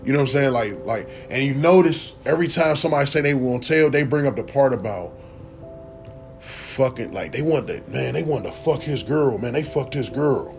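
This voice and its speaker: A young man ranting casually to camera as a vlogger, animated, profane and rambling. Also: mid-range voice, moderate pace, gravelly, soft background music.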